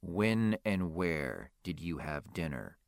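A man voicing a skeptical police detective who speaks in a low, curt drawl. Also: lively intonation, measured pace, fairly bright tone, no room sound, studio quality.

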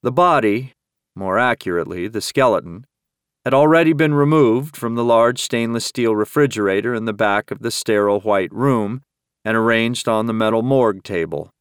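A man narrating an audiobook in a steady, measured storytelling manner. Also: fairly low pitch, smooth, no room sound, clean studio sound. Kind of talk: scripted narration.

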